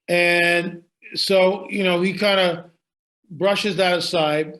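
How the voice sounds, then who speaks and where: Guy with a high voice spinning a wild story, really emphatic, keeps repeating stuff. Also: fairly even intonation, slow, a bit bright. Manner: emphatic, dramatic, repeats phrases for effect. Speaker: guest storyteller. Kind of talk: conversational storytelling.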